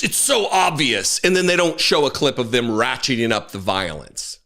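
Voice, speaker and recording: A man rants through his own political commentary show, his pitch leaping all over the place. His voice is bright and forceful, and he talks with blunt, profane anger and quick asides. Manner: angry, animated, swearing, quick asides.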